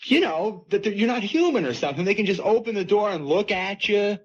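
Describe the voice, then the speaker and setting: A man's voice: sits high, fairly quick, slightly rough. A man in a touring music group, chatting in a radio interview and acting out the voices in his anecdotes. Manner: animated, acts out voices in anecdotes. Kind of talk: casual interview chat. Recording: muffled 1970 radio broadcast with faint hiss.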